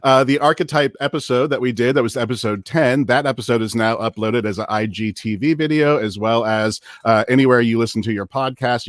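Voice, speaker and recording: A man co-hosting a casual live-streamed podcast, chatting with many fillers and growing excited as he tells a story. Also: on the low side, no echo, studio quality. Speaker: podcast co-host.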